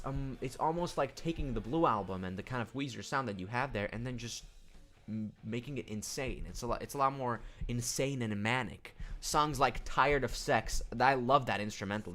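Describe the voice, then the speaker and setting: A man's voice: medium pitch, fairly bright tone. A young man casually reviewing albums, rambling with restarts and swearing as he talks into a desk microphone. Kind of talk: casual music review vlog.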